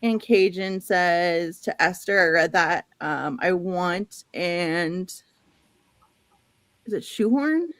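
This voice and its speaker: A woman's voice: on the low side, expressive, slow pace, no echo. A woman from the Midwest hosting a casual book livestream, chatty and laughing often as she reads out viewer comments. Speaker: host.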